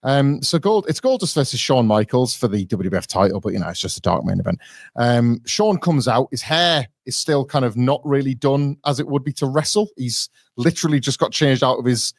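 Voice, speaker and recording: A man's voice: mid-range voice, expressive, a little fast, no echo, studio quality. A man, a podcast co-host, telling a story with energy and often laughing. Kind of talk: casual podcast review chat.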